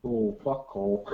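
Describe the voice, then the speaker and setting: Joking man with a lively voice. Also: high voice. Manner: laughs a lot, swears freely, joking. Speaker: podcast co-host. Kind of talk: casual chat. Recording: dull, muffled audio.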